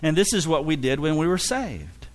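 A man's voice: fairly high pitch, very animated, normal speed. A man preaching a sermon, acting out little dialogues and laughing between points.

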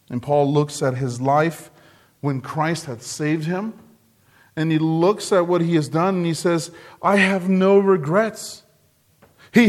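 A man preaches a sermon with real earnestness. He repeats phrases to drive them home and lets his voice drop low and soft on key words.

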